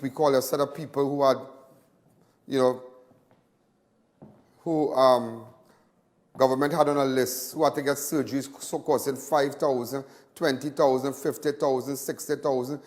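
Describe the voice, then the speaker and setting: A man with a Trinidadian accent hosting a live crime talk show, rambling, boastful and joking. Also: medium pitch.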